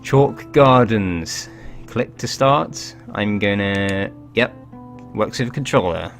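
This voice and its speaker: Brief: low-voiced guy hosting a let's play, rambling, self-mocking, faint music under him. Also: lively intonation, takes it slowly. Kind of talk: casual game commentary.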